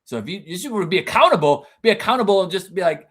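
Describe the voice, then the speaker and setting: Animated man with a lively pitch. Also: fast, few pauses. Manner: animated, jumps high when quoting others; frequent restarts and repeated words. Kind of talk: casual conversation.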